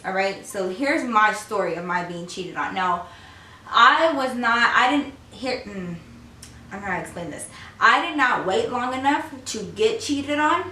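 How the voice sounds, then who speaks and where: A woman's voice: medium pitch, distant mic. A young woman telling a story to her camera in a casual, slangy way, acting out what people said. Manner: animated, slangy storyteller who acts out quotes. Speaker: vlogger. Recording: echoey room, voice a bit off mic.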